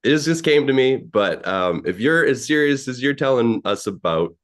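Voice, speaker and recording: A man hosting a live stream, laid-back and slangy, halting with fillers. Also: mid-range voice, expressive. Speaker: host. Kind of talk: casual live-stream talk.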